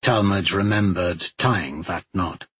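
A man narrating a fantasy novel in a measured storytelling voice. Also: deep voice, fairly bright tone, husky. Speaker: audiobook narrator.

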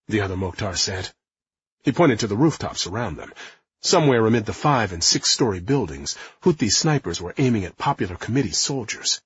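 A man narrating a nonfiction audiobook in a lively, expressive manner. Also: lowish voice, normal speed, breathy edge, no echo, dull audio. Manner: lively, acting out quotes.

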